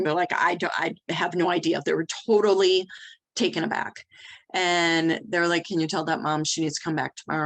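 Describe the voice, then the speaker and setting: A middle-aged woman who cares for newborns, telling a family's story in an interview in a candid, direct way. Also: on the low side. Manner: candid, direct, animated retelling. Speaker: nursery nurse leader.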